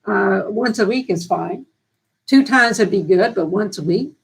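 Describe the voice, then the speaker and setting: A woman's voice: mid-range voice, measured pace, gravelly, poor audio. A woman hosting a live stream and giving advice on dementia care in a folksy, earnest, down-to-earth way. She often repeats and restarts phrases as she thinks aloud.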